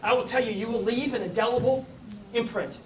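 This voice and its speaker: A man telling a story as a motivational speaker, animated and rising to high bursts of excitement. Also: fairly quick, roomy sound, far from the mic, a little hiss or hum. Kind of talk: storytelling talk.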